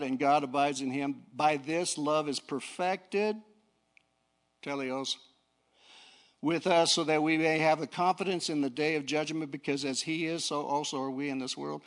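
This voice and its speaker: A middle-aged male preacher giving a folksy sermon, swinging from low talk to fiery shouting. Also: fairly even intonation, normal speed. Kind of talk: sermon with personal story.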